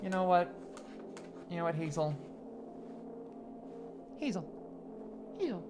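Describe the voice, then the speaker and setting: A woman chatting casually on a live stream, excitable and swearing freely, cooing at her dog between thank-yous. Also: on the low side, takes it slowly, soft background music.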